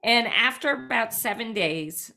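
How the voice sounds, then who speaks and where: A woman guest on a podcast, telling a personal story with lively energy and lots of "like" fillers. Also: a little high, a little slow, creaky. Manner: frequent "like" fillers, lively retelling.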